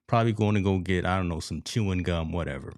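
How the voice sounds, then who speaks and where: Deep-voiced man hosting sports talk. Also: fast, dry recording, clean studio sound. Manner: animated storytelling, addresses listeners as folks. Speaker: podcast host.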